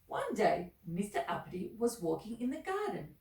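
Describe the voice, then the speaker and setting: Storyteller: a woman reading to kids with a lively, sing-song delivery, echoey room, mic at a distance. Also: medium pitch, moderate pace, gravelly.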